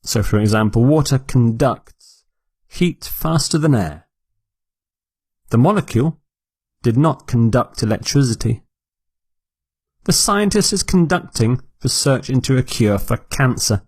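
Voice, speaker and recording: A man teaching English vocabulary, repeating each word clearly and explaining it for learners. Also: medium pitch, animated, a little slow, pauses often, a little mellow, no room sound. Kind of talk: slow, deliberate vocabulary lesson.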